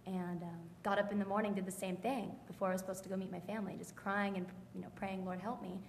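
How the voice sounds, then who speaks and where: Woman giving an even-toned church testimony. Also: medium pitch, fast, long reverb tail, a little hiss or hum, low-quality recording. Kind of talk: personal testimony. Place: church hall.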